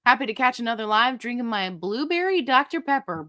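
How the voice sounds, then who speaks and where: A woman hosting a casual live stream, chatting with viewers and reading their comments in a lively, joking way. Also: on the high side. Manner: chatty and animated, quick asides and laughs. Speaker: livestream host.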